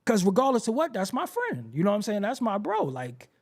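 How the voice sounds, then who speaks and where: A man's voice: high-pitched, huge pitch swings, fairly quick. A man hosting a hip-hop talk show, telling stories in a casual, streetwise way full of slang, repeats and emphatic asides. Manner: frequent profanity and slang. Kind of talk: casual commentary monologue.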